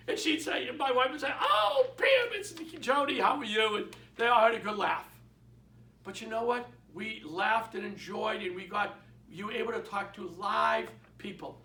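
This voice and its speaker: An older man leads a real estate training session in an unusually high, bright voice. He is animated and acts out the phone calls he describes. He sounds set back from the mic in a roomy, echoing space. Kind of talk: training talk. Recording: echoey room, mic at a distance.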